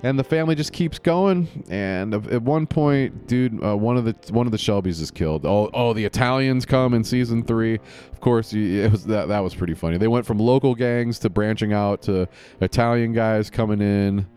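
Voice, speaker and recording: A man's voice: fairly low pitch, moderate pace, dark tone, clear, resonant tone. A man hosting a podcast in a casual chat, rambling and correcting himself as he goes, with the odd chuckle. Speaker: podcast host.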